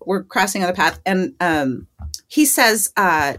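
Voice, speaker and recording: A woman's voice: lowish voice, measured pace. A woman co-hosting a podcast, telling a story in casual chat and acting out the people in it. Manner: animated, acts out quoted voices. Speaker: podcast co-host.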